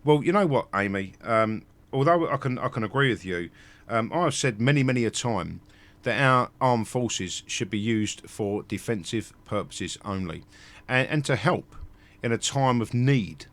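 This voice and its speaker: A man's voice: mid-range voice, expressive, moderate pace, a bit bright. A man hosting a heated live stream, rambling with many restarts and swearing.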